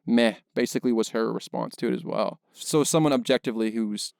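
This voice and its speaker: A man's voice: mid-range voice, fast, vocal fry, a little mellow, smooth, dry recording, studio quality. A young man co-hosting a casual film podcast, rambling with lots of fillers and restarts. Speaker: podcast co-host, filmmaker.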